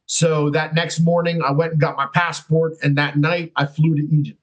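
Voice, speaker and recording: Podcast guest: high-pitched man, animated storyteller who acts out the people he quotes. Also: normal speed, dull audio. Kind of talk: casual storytelling.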